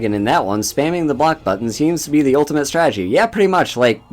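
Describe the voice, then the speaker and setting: A man hosting a game stream, chatting casually and laughing often as he plays. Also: medium pitch. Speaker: streamer host. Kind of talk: casual gaming chat.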